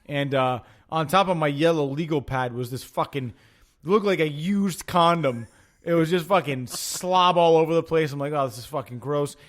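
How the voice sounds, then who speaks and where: A man hosting a podcast, telling stories in casual chat, profane and excitable, acting out quotes. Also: on the high side, normal speed. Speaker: podcast host.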